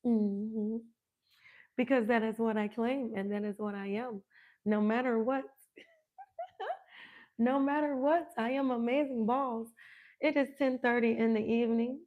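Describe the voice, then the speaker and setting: An older woman and fitness coach chatting casually with viewers on a live stream, animated, laughing often and greeting people by name. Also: fairly high pitch, unhurried, pauses often. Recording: dull lo-fi stream audio.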